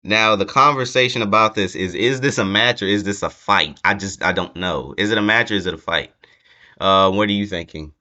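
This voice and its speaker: A man's voice: fairly low pitch, brisk, bright, forceful tone. A young man hosting a casual wrestling prediction chat, rambling and hesitant, with many fillers and restarts. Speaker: wrestling channel host. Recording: dull lo-fi home recording.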